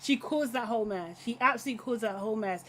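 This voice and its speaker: A woman's voice: a little high, fast, a bit bright. A woman hosting a live recap podcast, chatting casually and bluntly with opinions, laughing often and trailing off mid-thought. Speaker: podcast host reacting to a reality show.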